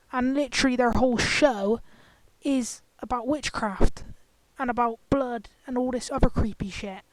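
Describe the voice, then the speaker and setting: A woman's voice: on the high side, a little mellow. A woman ranting in an angry, profane, confrontational vlog commentary. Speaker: vlogger. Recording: clicky, glitchy, noisy screen-recorder audio.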